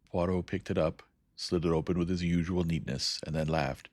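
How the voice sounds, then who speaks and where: A man narrating a classic mystery in a soft, unhurried, measured ASMR reading. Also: low voice, fairly even intonation, no echo, studio quality. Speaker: audiobook narrator.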